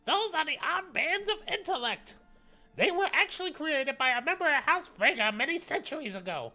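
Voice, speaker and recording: A woman's voice: sits high, very animated, normal speed, pushed and bright, soft background music, voice pushed up, exaggerated voice. A woman voicing a cranky old male museum curator in a strained, put-on old man voice while reading a video game aloud. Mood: lecturing.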